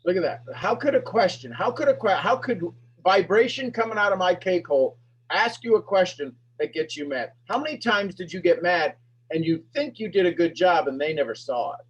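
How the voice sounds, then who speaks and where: A man coaching a sales master class, firing emphatic, repetitive questions at his audience and pushing his voice up toward a shout. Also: high voice, expressive, a little fast, breathy edge, lo-fi sound. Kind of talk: animated teaching talk to an online audience.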